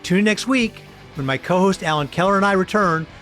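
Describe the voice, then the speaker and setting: A man's voice: high-pitched, fairly quick, fairly bright tone, faint music behind. A man hosting a podcast, reading scripted intros and outros full of puns. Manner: punning, upbeat announcer. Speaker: podcast host.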